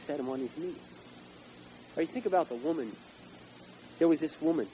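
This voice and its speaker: A male pastor preaching a sermon, swinging between loud outbursts and hushed asides. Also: fairly high pitch, a little fast, dull audio, a little hiss or hum.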